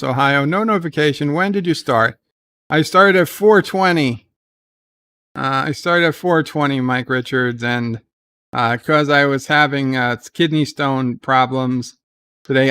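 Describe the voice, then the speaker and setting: A man hosting a casual live stream, with a smooth, resonant voice. He reads out viewer messages and talks back to them off the cuff. His speech wanders, full of "uh"s and restarts. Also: a little high, bright, forceful tone. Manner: reads viewer comments aloud and answers them, loose and rambling with many "uh"s. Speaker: livestream host. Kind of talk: casual livestream chat.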